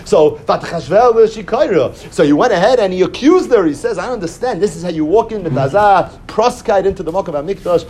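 A man teaching a Talmud class through storytelling, sprinkling Hebrew and Yiddish terms and jumping high when he quotes people. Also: lively intonation, fairly quick, few pauses, darkish tone. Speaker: Torah teacher.

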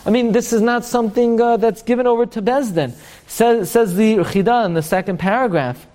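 A man teaching an online Torah class, explaining texts in an animated, jokey way. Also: sits high, brisk.

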